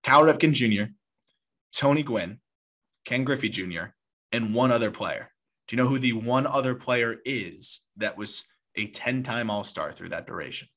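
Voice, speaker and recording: A man's voice: medium pitch, lively intonation, moderate pace, a bit bright. A man hosting a podcast, chatting casually, laughing easily and quizzing his guest. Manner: laughs easily, asks quiz questions. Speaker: podcast host.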